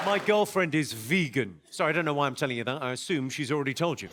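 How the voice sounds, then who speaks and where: A male comedian with a notably high voice holds a handheld mic on a big theater stage, talking in a dry, mock-stern lecturing way. Loud crowd laughter and noise roll under his lines throughout the live show. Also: fast talker, hardly any pauses. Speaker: stand-up comedian. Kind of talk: stand-up comedy set.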